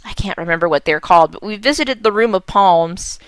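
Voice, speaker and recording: A woman gaming creator talking casually and excitedly to her viewers. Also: medium pitch, fairly quick, clean tone, dry recording. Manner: excitable, gushing. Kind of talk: casual let's play commentary.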